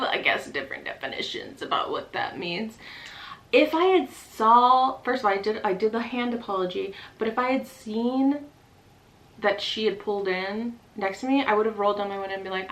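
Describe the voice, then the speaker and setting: A woman vlogger telling a personal story in a casual, rapid style, full of "like" fillers. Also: mid-range voice, fairly bright tone, poor audio.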